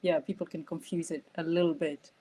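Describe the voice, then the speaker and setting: A woman's voice: deep voice, flat delivery, fairly quick, mellow, a little hiss or hum. French-born woman, thoughtful and hesitant. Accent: French, with an Irish lilt. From France. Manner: hesitant, searching for words, frequent fillers and laughter. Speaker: guest, nonviolent communication trainer. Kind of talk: conversational podcast interview.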